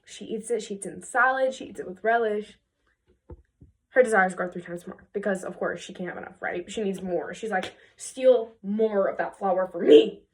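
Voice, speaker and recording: A young woman casually retelling a fairy tale for her video, chatty and full of fillers, jumping into quick voices for the characters. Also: mid-range voice, fairly even intonation, slight background noise. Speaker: video creator.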